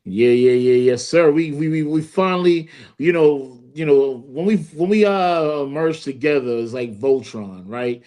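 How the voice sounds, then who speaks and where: A man co-hosting a podcast in easygoing, joking chat. His voice sits a little high for a man. He keeps checking in with his listeners as he rambles. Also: a little slow, few pauses, dark tone. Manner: loose and joking, keeps saying "you feel me". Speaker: podcast co-host. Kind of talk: casual chat.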